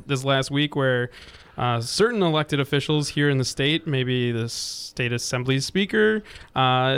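A man's voice: mid-range voice, smooth. A man co-hosting a talk radio show, interviewing a guest in a rambling way with many fillers. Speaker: radio co-host.

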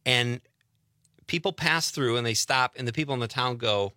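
Male radio host, casual joking chat, bright voice, dry close mic. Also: mid-range voice, normal speed, no echo. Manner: joking, conversational.

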